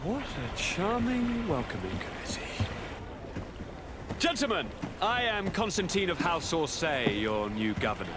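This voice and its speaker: An actor playing a cheerful, flamboyant young noble governor with a theatrical, courtly way of talking. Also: male voice, sits high, very animated, unhurried. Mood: playful. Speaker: new governor arriving in a colony city. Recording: game audio with loud ambient noise.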